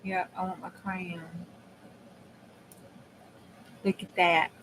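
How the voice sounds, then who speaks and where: A woman's voice: lowish voice, little pitch movement, drawn-out words, heavy background noise. A woman hosting a crafting video, chatting in a folksy, homespun way with herself and her viewers as she works. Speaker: crafting channel host. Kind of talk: casual chat while crafting.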